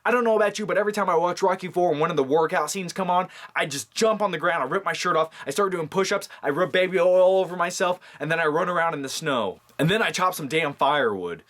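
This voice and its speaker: A man's voice: high voice, quick pace, few pauses, fairly bright tone. A man in a casual, comedic movie vlog, jokey and rambling with lots of fillers. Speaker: movie vlogger.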